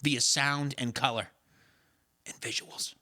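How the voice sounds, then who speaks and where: A man's voice: mid-range voice, steady tone, slow pace, pushed and bright, no room sound, clean studio sound. A young man co-hosting a podcast, talking casually in long sweary rants and mimicking people as he tells stories. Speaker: podcast co-host. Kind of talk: casual chat.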